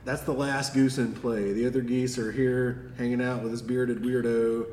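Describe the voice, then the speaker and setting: A man running a tabletop game as game master, playful and quick to laugh. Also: medium pitch, level tone, darkish tone. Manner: laughs often, loose and playful. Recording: echoey room with long reverb, faint background noise.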